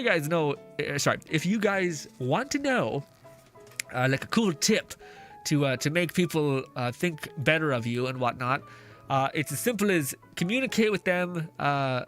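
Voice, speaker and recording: A man chats through a relaxed live stream as he plays, reading viewers' messages aloud and laughing between swears. His voice sits a little high for a man and sounds bright and forceful. Faint music plays quietly underneath. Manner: swears often, reads chat aloud, laughs easily. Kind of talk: casual live-stream chat while gaming. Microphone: face mask on while talking.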